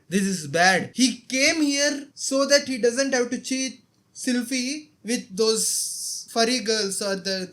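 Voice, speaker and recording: Indian man, high voice, anime reaction commentary, exclaims at the screen. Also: fairly bright tone. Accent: Indian English. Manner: talks back at the screen, emotional and exclaiming.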